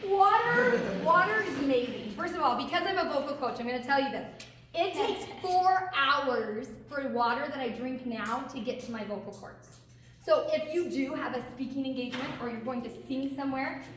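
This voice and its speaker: A woman coach talks to a room of kids in a bright, high voice, upbeat and full of questions for the audience. The mic is far from her, so her voice sounds distant. The room is very echoey, and steady noise runs under her words. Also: moderate pace. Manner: animated and encouraging, asks the audience questions. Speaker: theater and vocal coach. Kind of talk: talk to a group of kids.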